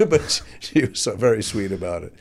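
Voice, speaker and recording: A man's voice: lowish voice, moderate pace, vocal fry. A man, a guest comedian, telling a story in casual chat and acting out the voices he quotes. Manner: animated, acts out quoted voices.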